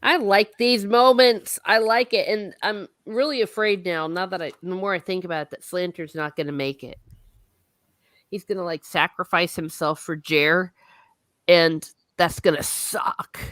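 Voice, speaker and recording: Woman host, low-pitched and leisurely, casual plot recaps with the odd swear word. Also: steady tone, unhurried, fairly bright tone, no echo, studio quality. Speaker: book discussion host. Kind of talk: casual book discussion.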